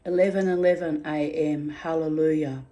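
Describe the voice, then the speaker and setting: A woman's voice: deep voice, steady tone, normal speed, warm tone. A woman in a casual, rambling monologue, chatty and quirky, swearing freely and calling her listeners babies and darlings. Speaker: vlogger.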